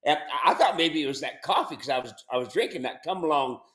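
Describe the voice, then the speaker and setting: A man's voice: a little high, animated, fast talker, a bit bright. A man who owns a ranch, talking casually as a regular guest on a video call, telling stories in an easygoing, plain-spoken way. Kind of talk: casual conversation. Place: room at home with windows. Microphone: computer over a video call. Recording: roomy echo with faint music.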